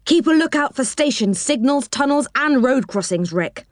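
A woman voicing an excited, bossy young boy who loves trains in a storybook reading. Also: high voice, normal speed, dry recording, clean studio sound, voice pushed up.

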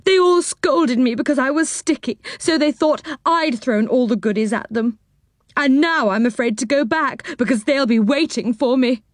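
A woman voices a timid, gloomy male storybook friend, pitching her natural voice above its usual range into a high register at a moderate pace. The character sounds tearful, plaintive, and whining. The recording is dry, with clean studio sound.

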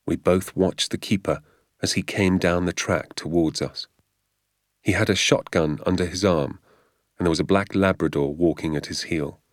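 A man reads a story aloud in a steady, descriptive way, his voice very deep. The recording is close and dry, with no room sound at all. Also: no echo. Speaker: narrator. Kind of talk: scripted audiobook narration.

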